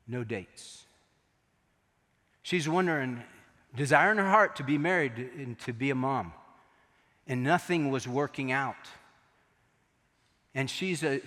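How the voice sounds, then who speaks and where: A middle-aged man preaching a sermon, telling a story in an animated, joking way. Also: medium pitch. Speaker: pastor. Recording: long echo of a large hall.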